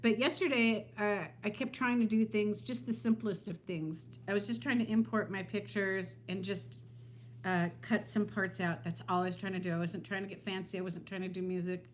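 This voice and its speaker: A woman's voice: mid-range voice, fairly even intonation, normal speed, slight background noise. A woman in her fifties chatting casually on a live stream from home, talking to viewers by name and laughing often. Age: 50s. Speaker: vlogger hosting a live stream.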